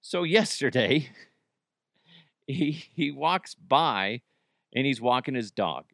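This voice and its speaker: A man's voice: mid-range voice, animated, takes it slowly, vocal fry, fairly bright tone, dry recording, clean studio sound. A man hosting a podcast in a rambling, jokey comedic monologue, laughing often. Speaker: podcast host.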